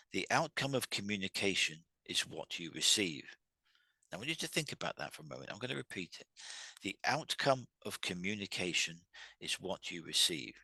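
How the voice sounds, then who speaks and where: A man's voice: deep voice, sharp tone, no echo. A man hosting a solo talk on workplace communication, conversational and full of restarts, acting out quoted arguments with raised voices. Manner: acts out quoted dialogue with raised, heated voices. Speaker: host.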